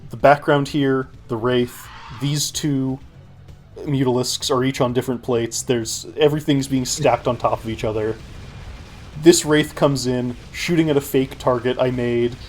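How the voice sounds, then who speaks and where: A man's voice: medium pitch, steady tone, unhurried, a little mellow, soft background music. A man casually explaining how he made his video, with rambling, self-deprecating remarks. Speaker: video creator giving commentary. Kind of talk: casual commentary chat.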